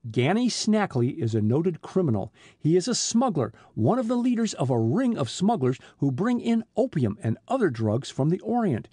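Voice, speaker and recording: Guy voicing a chill detective dad, kinda husky, lively lilt. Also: a little high, dry recording, studio quality. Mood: serious. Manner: measured, amused then businesslike. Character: calm middle-aged detective father, genial and assured.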